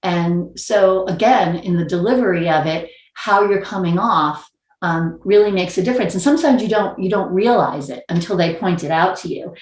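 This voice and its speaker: A woman's voice: on the low side, normal speed, echoey room. A woman from New York with a New York accent, speaking as a panelist in a video-call panel discussion, thoughtful and wordy with many restarts.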